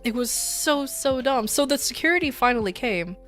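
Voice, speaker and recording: A woman streaming as a VTuber tells a neighborhood story in casual chat, blunt and full of swearing. Her voice sits a bit high, and she laughs often and mimics shouted quarrels. Faint music plays under her voice. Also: lively intonation, normal speed. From desert region. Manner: blunt, profane, laughs often, acts out quoted yelling.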